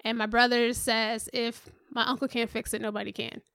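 High bright-voiced woman in her thirties. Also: moderate pace, vocal fry, no echo. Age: 30s. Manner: animated, acts out others' lines, swears freely. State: pregnant. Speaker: podcast co-host. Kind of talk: casual storytelling chat.

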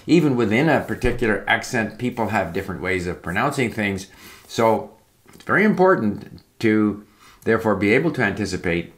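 Man, lowish voice, unscripted advice monologue, chatty and meandering with lots of fillers. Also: fairly bright tone. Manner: rambling, conversational, with frequent fillers and restarts. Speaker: language learning talker. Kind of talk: casual spoken advice monologue. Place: home in Palm Springs.

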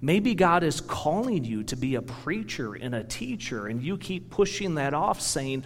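A man's voice: on the high side, big pitch swings, measured pace, few pauses. A middle-aged man, a pastor, giving a sermon in a conversational, storytelling way with personal anecdotes. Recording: reverberant hall.

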